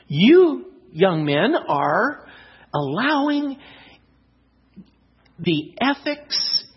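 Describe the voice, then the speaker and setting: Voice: medium pitch, breathy edge, dull audio. A speaker giving an emphatic devotional talk to young scouts, telling a children's story along the way.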